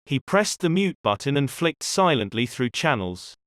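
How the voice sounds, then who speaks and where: A man narrating an audiobook in the first person with measured, expressive storytelling. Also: mid-range voice, no room sound, clean studio sound. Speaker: audiobook reader.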